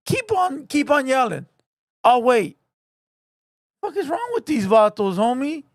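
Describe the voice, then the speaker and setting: A man's voice: very high voice, big pitch swings, measured pace, no room sound, studio quality. A man streaming live, reacting to a podcast clip with a mocking, scolding rant.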